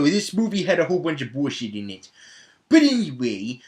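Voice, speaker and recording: A man's voice: on the high side, sing-song, normal speed. A man giving a casual comedic movie recap, rambling, with many fillers and stammered restarts. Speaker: film recap host.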